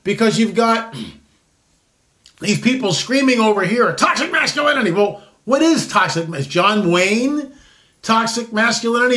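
A man in his sixties with a high, slightly bright voice hosts a commentary show. He delivers a conversational, opinionated monologue, interrupting himself and tossing in mocking asides.

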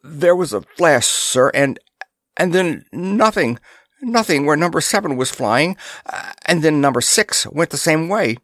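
A man's voice: on the high side, expressive, a bit bright, dry recording, clean studio sound, voice pushed up. A man doing a stammering, shaken lookout. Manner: halting, stammering report. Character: shaken young male lookout on an airship.

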